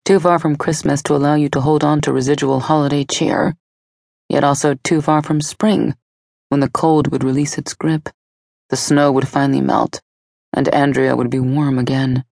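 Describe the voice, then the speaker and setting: A woman narrating an audiobook in a steady, even storytelling delivery on a close studio mic. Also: low voice, moderate pace, creaky, no room sound.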